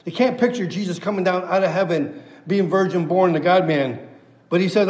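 A man's voice: sits high, brisk, darkish tone. A man preaching an expository sermon, reading scripture aloud and hammering points home through repetition. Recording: long hall reverb.

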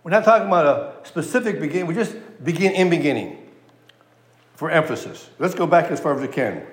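A man's voice: on the high side, expressive, brisk, roomy sound. A man preaching an expository sermon as a Bible teacher, repeating key phrases for emphasis and checking in with his listeners.

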